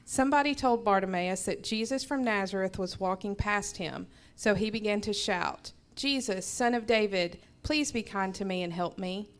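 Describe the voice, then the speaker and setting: A woman in a church Bible class reading a scripture passage aloud in a steady, plain way. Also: medium pitch, normal speed, hardly any pauses.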